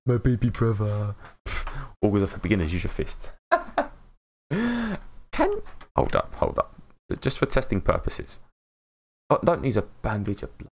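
Low gravelly British streamer. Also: male voice, expressive, moderate pace, a little hiss or hum. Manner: mumbles and slurs words, laughs often. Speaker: game live streamer. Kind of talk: casual live-stream chat while playing.

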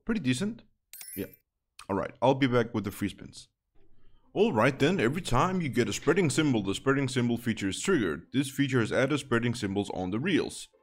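A man giving casual, chatty commentary while playing a slot game, thinking aloud and dropping wry asides. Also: on the low side.

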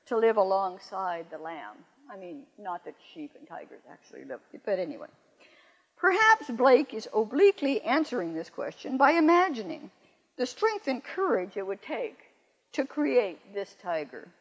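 An older woman poet giving a lecture, reading verse slowly and adding wry, self-correcting asides. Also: medium pitch. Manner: measured, slows down to read verse aloud. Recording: long reverb in a hall.

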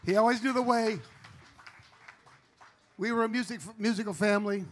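High-voiced man telling a stage story. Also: steady tone, normal speed, slight background noise. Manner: storytelling, plainspoken, heartfelt. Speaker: car salesman. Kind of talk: joke telling and eulogy. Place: live on a bar stage.

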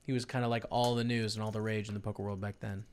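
A man's voice: on the low side, flat delivery, quick pace, a little mellow, clean tone. Chatty man rambling over poker footage. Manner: rambling, chatty, addresses viewers directly. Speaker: poker YouTuber commenting over a broadcast.

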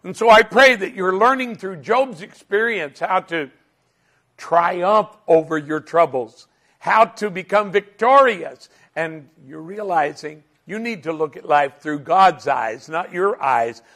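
A man teaching a Bible lesson as a sermon, earnest and measured, his voice dropping to a hush and then rising to fervent emphasis. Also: sits high, expressive. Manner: slow, earnest, swells from hushed to fervent.

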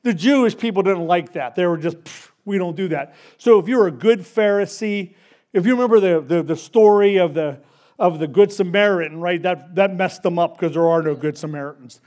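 A man preaching a casual, story-driven sermon, acting out the characters in quick voices. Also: high-pitched, darkish tone. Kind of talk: conversational sermon.

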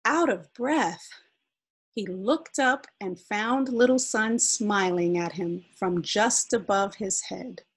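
Slow breathy woman reading a picture book. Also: mid-range voice. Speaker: storyteller. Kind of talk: children's picture book read-aloud.

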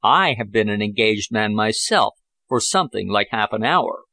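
A man voicing an earnest, devoted young gentleman who speaks gently in an audiobook. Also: on the low side, animated, moderate pace, no room sound, pitched below the performer's own voice. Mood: pleased.

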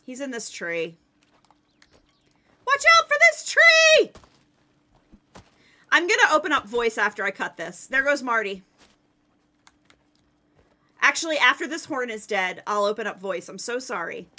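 Excitable, high-pitched woman streamer. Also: normal speed. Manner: excitable, jumpy, talks to chat and teammates. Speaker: game streamer. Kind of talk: live gameplay commentary.

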